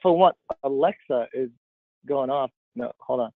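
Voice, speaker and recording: A man hosting a casual podcast, talking in an excitable, giggly, coaxing way. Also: mid-range voice, measured pace, no room sound. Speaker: podcast host. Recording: dry tinny phone-like audio.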